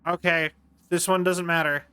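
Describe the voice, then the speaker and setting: High, bright-voiced man streaming. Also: little pitch movement, moderate pace, smooth. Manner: rambling, chatty, laughs a lot. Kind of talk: casual gameplay commentary.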